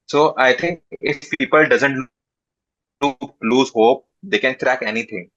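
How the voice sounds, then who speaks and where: A man answering interview questions as a startup founder, pausing often with drawn-out fillers. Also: mid-range voice, a bit bright, highs cut off. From India.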